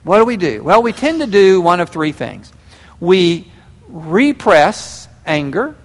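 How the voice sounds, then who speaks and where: A man preaching a sermon, folksy and animated, acting out little scenes. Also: sits high, slow. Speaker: pastor. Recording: long hall reverb.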